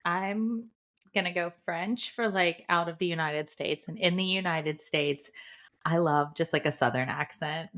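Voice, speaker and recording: A woman co-hosting a podcast in casual chat, blunt and quick to laugh. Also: fairly low pitch, fairly bright tone. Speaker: podcast co-host.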